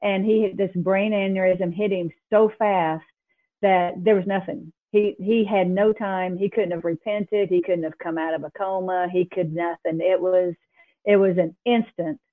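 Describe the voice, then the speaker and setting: A woman guest sharing a personal faith testimony, telling it in a quick, emphatic, animated way with some laughs. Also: fairly low pitch. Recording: tinny phone line.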